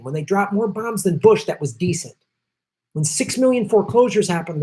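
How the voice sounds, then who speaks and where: A middle-aged man hosting a political commentary show launches into an angry, profane rant, hammering the same points again and again. His voice sits high with a darkish tone.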